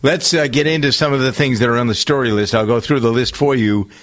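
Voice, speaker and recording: A man's voice: medium pitch, fairly even intonation, quick pace, a bit bright. A man hosting a talk radio show, counting down the week's stories in a loose, meandering way full of filler uhs. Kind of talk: casual radio chat.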